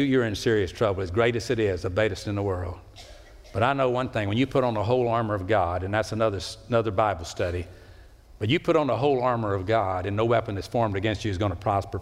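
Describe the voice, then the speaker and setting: His sermon rises and falls dramatically: loud high calls give way to low, quiet stretches as he addresses the congregation. Key words are drawn out slowly, ringing through the long echo of a large church sanctuary.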